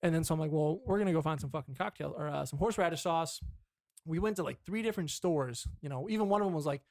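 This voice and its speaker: A man's voice: a little high, quick pace, a little mellow, dry recording, clean studio sound. A young man co-hosting a podcast, chatting casually and telling a rambling, profane story about his dad. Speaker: podcast co-host. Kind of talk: casual chat.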